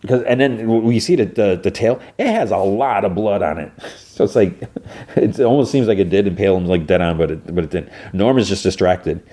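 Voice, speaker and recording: A man's voice: on the low side, fairly quick, dark tone. A man hosting a podcast, casually recapping an episode in a rambling way with lots of fillers. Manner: rambling, full of fillers and restarts. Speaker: podcast host.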